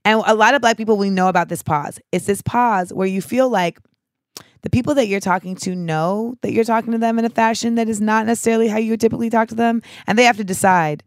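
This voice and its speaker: Animated, profane woman chatting. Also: on the high side, quick pace, no echo, studio quality. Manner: animated, profane, slips into mocking voices. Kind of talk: casual comedic chat.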